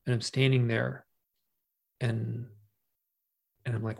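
A man, a podcast guest and author, telling a personal story in a casual, animated way, often restarting his sentences. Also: mid-range voice, slow, gravelly. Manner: animated, emotional retelling with many restarts. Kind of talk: conversational storytelling.

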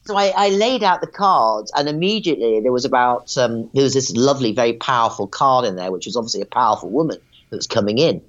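A woman, a psychic medium, telling animated and rambling stories in an interview, in a dull lo-fi recording. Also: a bass voice, fast, few pauses. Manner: animated, rambling, frequent restarts. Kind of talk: casual storytelling interview.

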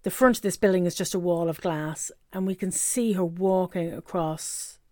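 A woman's voice: lowish voice, moderate pace, a little mellow, no room sound, clean studio sound. A middle-aged woman, hosting a podcast and telling a story in a chatty way, laughing often. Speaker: podcast host. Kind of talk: casual storytelling.

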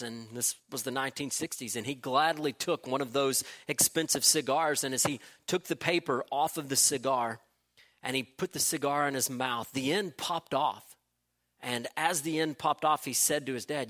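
A man preaching, telling an illustration story in an unhurried way and posing questions to his listeners. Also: medium pitch, fairly bright tone.

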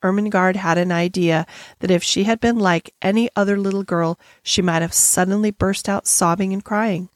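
A woman narrating a classic novel as an audiobook reader, with measured, expressive storytelling. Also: medium pitch, dry recording. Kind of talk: reading a classic novel aloud.

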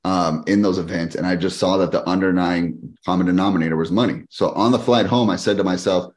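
A man with a very low, deep voice tells a story as a podcast guest. He keeps the story moving quickly and animatedly, and he is middle-aged. His tone is casual and conversational. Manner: animated, fast-paced storyteller who acts out quoted people. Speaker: podcast guest, fitness business owner.

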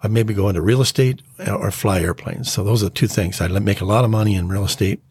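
An American man telling his life story as an interview guest, earnest and halting. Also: fairly low pitch, darkish tone, slightly rough. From United States. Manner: earnest, halting, acts out quoted dialogue. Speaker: guest sharing his testimony.

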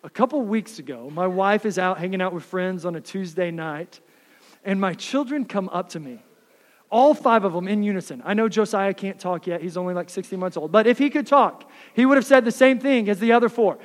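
A man in his thirties, a pastor preaching a sermon, swinging from fired-up passion to quiet, close asides. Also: high voice, brisk, long reverb tail. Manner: impassioned, builds up then drops to soft asides.

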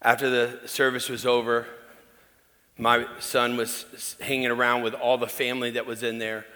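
A middle-aged male pastor telling a personal story in a sermon, emphatic with hushed asides. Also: mid-range voice, flat delivery, moderate pace. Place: large church. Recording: long reverb in a large church hall.

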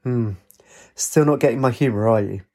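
Man putting on a spirited young woman, cheeky, quick-witted, husky, storybook reading. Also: mid-range voice, a little mellow, close to an everyday voice. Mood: teasing. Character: spirited young woman adventurer, bold and teasing.

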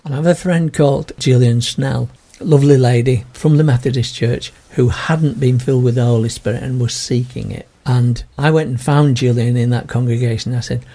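An older man, telling his personal story in an interview in a gentle, earnest way. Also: mid-range voice, fairly even intonation, brisk, creaky, hardly any pauses. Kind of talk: reflective personal testimony.

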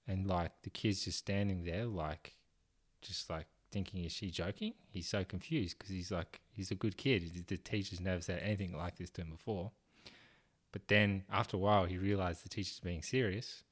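A man hosting a podcast, telling a story in a casual, self-deprecating way and swearing freely. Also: deep voice. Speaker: podcast host.

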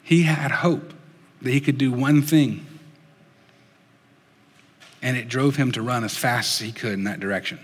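A man preaching a sermon in an earnest storytelling way, dropping soft and slow for emphasis. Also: mid-range voice, long reverb tail. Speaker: pastor.

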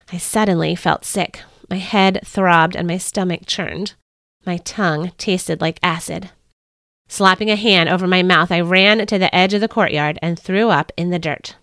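A woman's voice: fairly low pitch, steady tone, moderate pace, a bit bright, dry recording, studio quality. A woman hosting a devotional podcast, reading a story aloud with earnest expression.

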